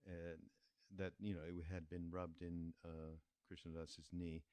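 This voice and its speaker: An older man hosting a podcast, telling a story in a reflective, meandering way with pauses and restarts. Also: low voice, little pitch movement, mellow, smooth, dry recording. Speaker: podcast host. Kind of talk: casual spoken storytelling.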